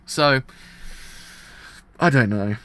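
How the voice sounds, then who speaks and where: A man's voice: medium pitch, very slow, pushed and bright. A man streaming a live reaction to a manga, ranting with passion and leaning often on "kind of".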